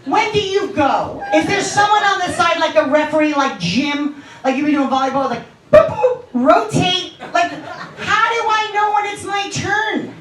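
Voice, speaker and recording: A woman's voice: high-pitched, normal speed. A middle-aged woman performing a stand-up comedy set on a club stage, telling sardonic stories about marriage and her sons. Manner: animated, sardonic storytelling. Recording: roomy club, distant mic, crowd laughter.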